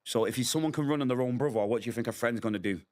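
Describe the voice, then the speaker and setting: A man's voice: mid-range voice, very fast, a little mellow. A middle-aged man telling his own hard story in an interview, candid and emotional, acting out what people said. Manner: candid, emotional storytelling with vivid acted quotes. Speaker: interview guest. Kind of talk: personal testimony in a sit-down interview.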